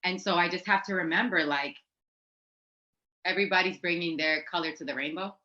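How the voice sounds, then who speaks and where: A woman's voice: on the low side, a little fast, pushed and bright, muffled recording. A woman, an actress and musician, chatting casually as an interview guest, acting out quotes and laughing often.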